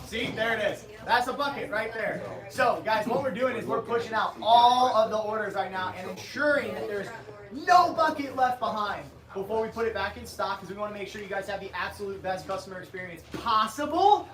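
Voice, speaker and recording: A man's voice: sits high, brisk, echoey room, a crowd in the background. A man co-hosting a company livestream, chatting loosely with viewers and joking with his co-host. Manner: loose, joking, talks to chat, says dude. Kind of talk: casual livestream chat.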